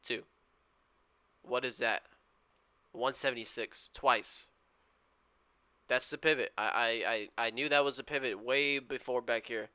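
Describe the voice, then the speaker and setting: A man's voice: mid-range voice, steady tone, measured pace, long pauses, pushed and bright, smooth. A man streaming his day trading live, giving a running play-by-play and urging the price moves on to his viewers. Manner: eager, urges price moves on.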